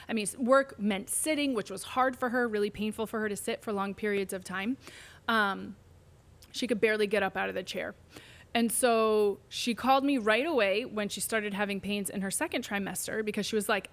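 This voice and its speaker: A woman physical therapist telling a patient's story in an interview, acting out the voices she quotes. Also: mid-range voice. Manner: animated, acts out quoted voices. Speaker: pelvic physical therapist, guest.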